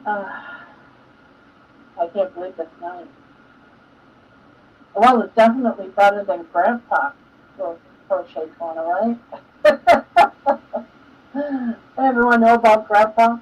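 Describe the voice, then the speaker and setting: A woman's voice: medium pitch, takes it slowly, pauses often, husky. An older woman hosting a live stream, chatting casually and emotionally and laughing often. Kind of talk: casual chat. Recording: dull lo-fi sound, distant from mic.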